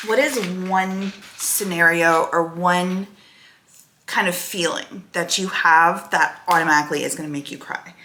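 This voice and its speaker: A woman in her thirties talks to her phone camera from a car, rambling and chatty, with lots of "like" thrown in. Her voice sits at an average pitch, and a faint hum of traffic runs underneath. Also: a bit bright. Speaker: vlogger. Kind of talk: casual chat to camera.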